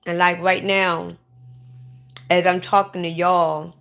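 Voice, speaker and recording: Slow-talking sick woman, bright voice. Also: fairly low pitch, level tone, creaky. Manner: upset, repeats herself, restarts often. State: sick, lightheaded. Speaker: vlogger. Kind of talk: casual livestream talk.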